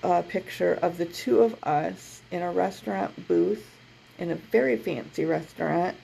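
Gravelly-voiced woman telling a story. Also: on the low side, normal speed, slight background noise, poor audio. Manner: animated, laughs mid-story, acts out quotes. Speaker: podcast co-host. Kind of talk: casual storytelling chat. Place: her office.

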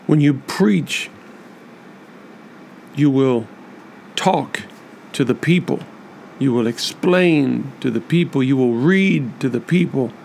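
A man hosting a podcast, speaking earnestly and emphatically to church leaders in a measured monologue with many repeated lists. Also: medium pitch, expressive, creaky, a little mellow, slight background noise. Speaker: podcast host.

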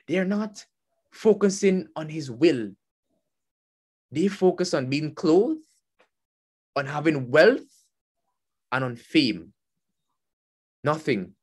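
A man preaching a sermon, with animated emphasis that swells and drops, often repeating himself. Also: fairly high pitch, takes it slowly, pauses often, slightly rough. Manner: animated, rising and falling emphasis, repeats and restarts.

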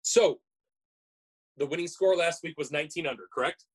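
A man's voice: on the high side, moderate pace, rough recording. A man co-hosting a podcast in casual chat, playful and teasing, often stammering over restarts. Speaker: podcast co-host.

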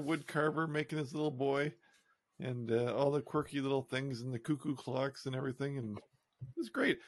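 A man co-hosting a casual podcast, chatty and animated, telling stories with bursts of excitement. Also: mid-range voice, no echo. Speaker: podcast co-host. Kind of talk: casual chat.

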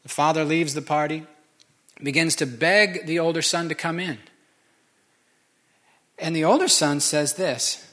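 A man's voice: fairly high pitch, steady tone, unhurried, pauses often, bright, forceful tone, slight background noise. A man preaching a sermon, conversational and joking with the congregation. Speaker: pastor.

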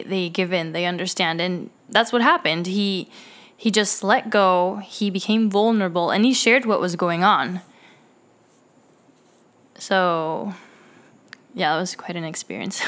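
A woman's voice: mid-range voice, a bit bright. A woman who works at a dialysis clinic, telling personal stories in a rambling way, with many fillers and restarts. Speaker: dialysis clinic staff member. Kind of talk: casual personal storytelling.

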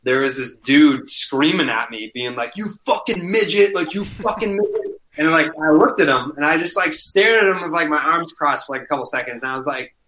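A man with a fairly high, bright, forceful voice tells stories in a loose podcast chat. He is animated, swears freely and fills his sentences with "like". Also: brisk, hardly any pauses, a little hiss or hum. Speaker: podcast guest. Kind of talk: casual chat, storytelling.

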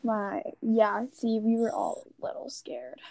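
A young woman co-hosting a casual podcast tells an embarrassing story with animated, self-mocking energy. Her voice sits a little higher than most. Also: a little slow. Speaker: podcast co-host. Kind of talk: casual chat.

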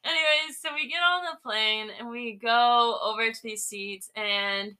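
A young woman co-hosting a casual chat, telling a travel story in an animated way and acting out the people in it. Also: a little high, a little slow, clear, resonant tone. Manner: animated, acts out quoted people. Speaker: podcast co-host, daughter.

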